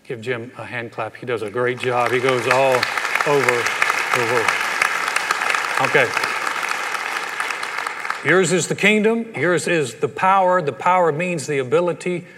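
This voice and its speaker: A man preaching a humorous sermon as a pastor, in a folksy, animated storytelling manner with frequent repeats. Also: mid-range voice, a little slow, pauses often, over a noisy crowd, very noisy. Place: large church sanctuary. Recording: echoey hall with long reverb.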